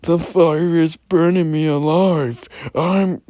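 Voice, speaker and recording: A man's voice: fairly high pitch, steady tone, slow pace, dark tone, no room sound, clean studio sound, voice pushed up. A man voicing a terrified little boy who screams in a trembling voice for his father in a spoken horror story. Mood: screaming, pleading.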